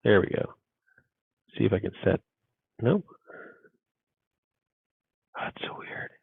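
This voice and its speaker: Low, gravelly man teaching live code. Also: very animated, slow pace, no room sound, phone-quality sound. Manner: thinks aloud, muttering asides. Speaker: university instructor. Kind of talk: live coding lecture.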